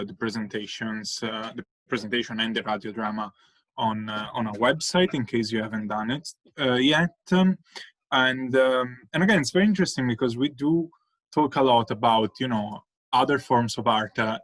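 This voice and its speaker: A man moderates an academic panel by video call. He thanks the speakers and hands the floor on, pausing often on fillers. His voice sits at an everyday middle pitch. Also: fairly bright tone. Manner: hesitant, filler-heavy.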